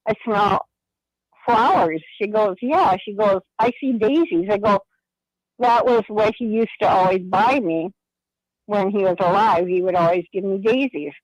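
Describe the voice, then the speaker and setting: A woman's voice: mid-range voice, a little slow, dry recording. Older woman chatting on a dry phone line. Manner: chatty, retells with quoted dialogue. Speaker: caller. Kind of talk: phone-in storytelling.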